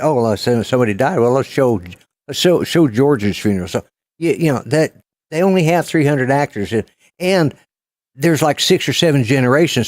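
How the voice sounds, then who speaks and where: Chatting casually on his live stream, this Colorado man in his sixties spins long, meandering stories peppered with offhand swearing, his Southern accent carrying an Oklahoma flavor. The voice is medium-pitched and darkish, recorded dry.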